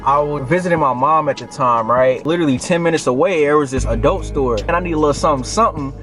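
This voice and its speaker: A man in his twenties telling a storytime vlog in an animated, slangy way. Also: a little high, fast talker, music in the background. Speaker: vlogger.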